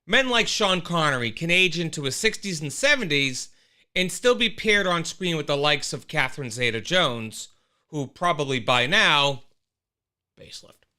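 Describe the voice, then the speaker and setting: Animated, bright-voiced man hosting a stream. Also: a little high. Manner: animated, exclaiming, with frequent restarts. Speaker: livestream show host. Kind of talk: casual livestream commentary, reading chat.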